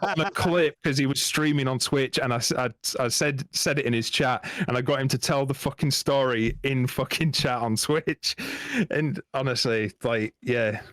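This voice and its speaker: A man's voice: medium pitch, normal speed, hardly any pauses, a bit bright, no echo, clean studio sound. Sweary self-mocking man, army veteran. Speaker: podcast guest. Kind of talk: casual chat, swapping army stories.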